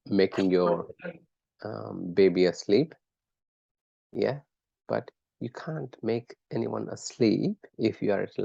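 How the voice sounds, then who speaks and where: A man's voice: lowish voice, vocal fry, dark tone, no echo, highs cut off. A man teaching a live online class, chatting with students and quizzing them by name in an encouraging way. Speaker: lecturer.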